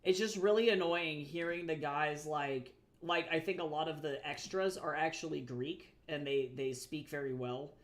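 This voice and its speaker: A woman's voice: low-pitched, moderate pace, few pauses. A woman streaming live as an artist, chatting casually with viewers, swearing freely and ranting with exasperation. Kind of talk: casual livestream chat.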